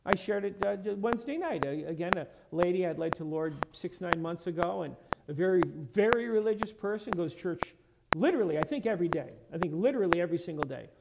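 A man's voice: sits high, big pitch swings, fast talker, creaky. A male pastor preaching a sermon in a church, emphatic and quoting scripture in old-fashioned wording. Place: church sanctuary. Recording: loud background noise in a church sanctuary.

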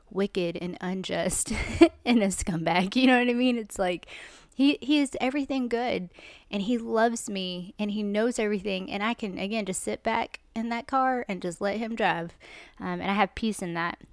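A woman's voice: medium pitch, normal speed, dry recording, clean studio sound. A woman in her forties hosting a podcast, giving an earnest, conversational Bible talk. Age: 40s. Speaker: podcast host. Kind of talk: casual devotional Bible talk.

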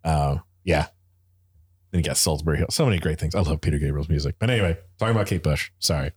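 A man's voice: extremely low pitch, quick pace, husky. A man talking casually and enthusiastically about music, rambling with lots of fillers and restarts.

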